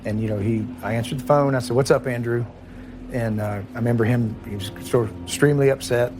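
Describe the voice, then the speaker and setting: A middle-aged man from Kentucky, a former police chief, speaks plainly and emotionally in an interview, often pausing and restarting his sentences. His pitch sits in a middling range, and soft music plays faintly beneath him. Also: steady tone. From Kentucky, USA. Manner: plain-spoken, halting, emotional. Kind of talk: interview recollection.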